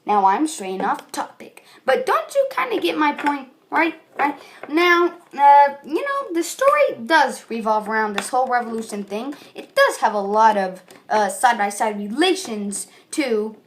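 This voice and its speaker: A woman's voice: sits high, very animated, unhurried, slight background noise. A woman giving a casual, rambling video book review, chatty and full of fillers.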